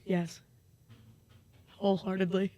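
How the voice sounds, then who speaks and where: A young adult woman chatting casually as a podcast guest, blunt and quick to swear. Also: mid-range voice, little pitch movement, dark tone, no room sound, muffled recording. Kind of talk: casual chat.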